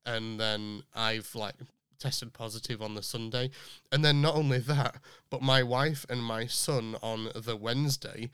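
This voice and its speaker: A young man hosting a podcast, chatting casually and rambling with fillers, his voice still a little rough from recent illness. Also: medium pitch, steady tone, measured pace, fairly bright tone, no echo, studio quality. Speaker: podcast host. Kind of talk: casual chat.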